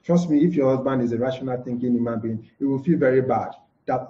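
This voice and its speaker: A fast-talking man with a mid-range voice, working as a communication trainer, leads a live-streamed lesson. He says "okay" again and again and answers his own questions. The sound comes through a live broadcast mic in a dull, echoing room.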